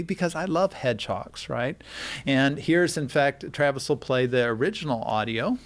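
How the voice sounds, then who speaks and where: A man's voice: mid-range voice, normal speed. A man who lectures, appearing as a guest on a radio interview and explaining technology with frequent uh and um fillers. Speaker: guest expert on deepfakes.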